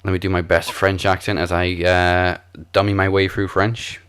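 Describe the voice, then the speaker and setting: A man with a very low voice runs a quiz on a casual podcast chat. He talks in a relaxed, playful way and laughs off his own clumsy tries at foreign words. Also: normal speed, clear, resonant tone. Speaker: podcast co-host running a quiz game.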